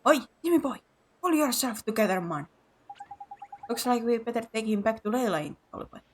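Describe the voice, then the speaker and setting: A woman voicing a cheeky, bossy male fairy sidekick who talks roughly and bluntly. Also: a little high, animated, fairly quick, slight background noise, lightly acted. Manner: gruff, blunt, calls the boy names.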